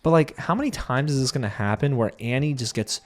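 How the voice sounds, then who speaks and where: A man's voice: medium pitch, lively intonation, fairly quick. A man giving a casual, sarcastic recap of a reality show, talking straight to his viewers with lots of animation.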